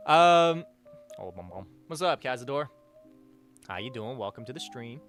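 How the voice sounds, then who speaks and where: A young-sounding man streams casually from home, reading donations and rambling through shout-outs with a lot of swearing. His pitch and loudness swing animatedly at a moderate pace, while faint music plays softly in the background.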